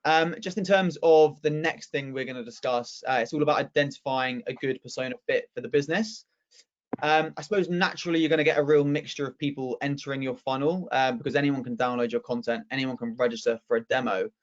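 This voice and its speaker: A man moderating a video call panel, moving things along briskly and asking the panelists questions. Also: medium pitch, dull audio.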